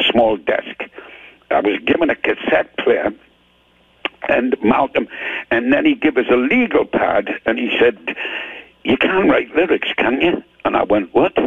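A man's voice: medium pitch, gravelly, breathy edge, no room sound. An older man with a Geordie accent from Newcastle, telling stories as a rock singer in a chatty, self-deprecating way with lots of restarts. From Newcastle, England. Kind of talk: casual storytelling interview. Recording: tinny phone-line radio interview.

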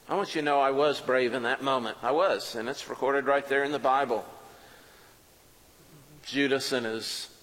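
A man's voice: mid-range voice, fairly bright tone, long reverb tail, low-quality recording. A man performing a first-person dramatic monologue as a preacher, telling the story earnestly with self-mocking asides. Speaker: preacher performing a biblical character.

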